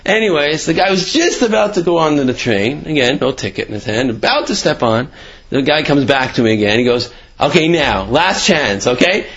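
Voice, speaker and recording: A man's voice: a little high, lively intonation, brisk, a bit bright, breathy edge. A man casually telling religious stories, rambling with many fillers and restarts. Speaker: Torah storyteller. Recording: dull lo-fi recording.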